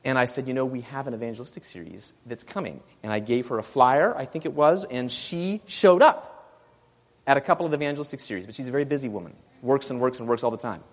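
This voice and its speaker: A man preaching a sermon, telling a story and rising to loud exclamations. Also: mid-range voice, fast talker, long reverb tail.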